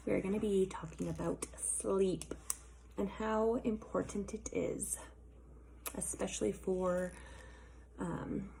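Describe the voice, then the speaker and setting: A young woman talks to her viewers in a relaxed, rambling vlog, sprinkling her sentences with ums and likes. Her voice sits low and has a gravelly fry to it. A faint hiss runs under the recording. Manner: chatty, with many ums and likes. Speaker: vlogger. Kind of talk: casual chat.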